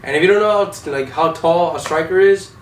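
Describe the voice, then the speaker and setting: A man's voice: fairly high pitch, fairly quick. A young man, an Army vehicle driver, telling war stories casually with heavy swearing, in an echoey room. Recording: echoey room, distant mic, faint noise.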